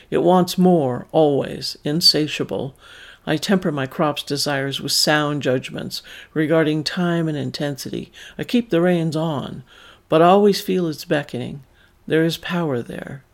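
A man reading a first-person story aloud in a calm, measured, intimate way. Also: on the high side, creaky.

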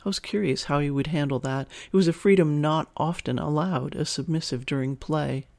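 A man reads a first-person erotic story in an even, measured way. His voice sits a bit high for a man. The recording is close and dry, with no echo. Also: gravelly. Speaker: story reader.

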